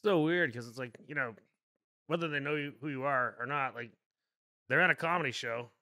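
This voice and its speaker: A man comedian joining a casual podcast chat with quick, emphatic interjections. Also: mid-range voice, pushed and bright.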